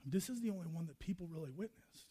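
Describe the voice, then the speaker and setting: A man preaching a sermon, emphatic, driving points home with repeated refrains and building to loud passages. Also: on the high side, animated, fast talker, husky.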